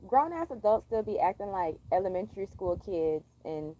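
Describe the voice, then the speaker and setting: A woman's voice: medium pitch, sing-song, moderate pace, few pauses, warm tone, dull audio, a little hiss or hum. A young woman venting in a blunt, profane, sassy monologue for her vlog. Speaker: vlogger.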